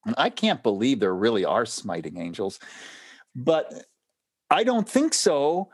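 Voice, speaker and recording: Male guest in casual chat, animated and laughing, lively delivery in a dry, close recording. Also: medium pitch, measured pace, breathy edge, dry recording. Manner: animated, laughs often, restarts sentences.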